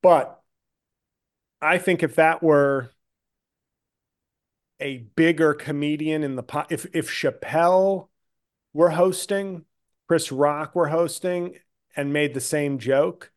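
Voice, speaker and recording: A man's voice: slow, pauses often. A man guesting on a comedy podcast, telling stories in casual chat and acting out other people in a whiny raised voice. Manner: animated storyteller, acts out others in a high whiny voice.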